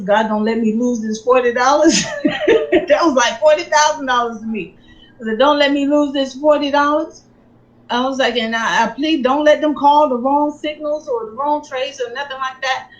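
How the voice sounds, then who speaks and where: Woman, high-pitched, lively testimony preacher, muffled lo-fi sound. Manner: animated, emphatic storytelling. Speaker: speaker on faith and finances. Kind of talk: sermon-style personal testimony.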